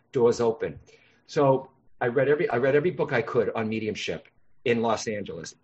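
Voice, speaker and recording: A man, a psychic medium guest on a podcast interview, telling lively stories and explaining his work. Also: mid-range voice, slightly rough. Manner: animated, acts out voices in anecdotes. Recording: dull lo-fi sound.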